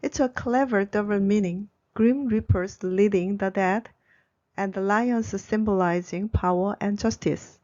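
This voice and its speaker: A woman narrates a language-learning video in a scripted, explanatory way. Her voice sits at a middle pitch. The recording is a bit dull and lo-fi. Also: a little slow, mellow. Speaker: Korean language educator.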